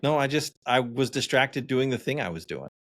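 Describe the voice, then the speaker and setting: A man's voice: mid-range voice, expressive, normal speed, fairly bright tone. A man in his forties co-hosting a podcast, chatting casually and telling stories with fillers and frequent laughs. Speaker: podcast co-host.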